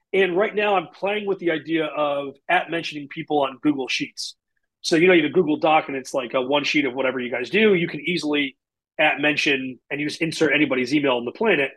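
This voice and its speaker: A man's voice: on the high side, fairly bright tone, breathy edge. A man who coaches sales teams, a podcast guest who talks energetically and acts out examples. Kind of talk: casual podcast interview.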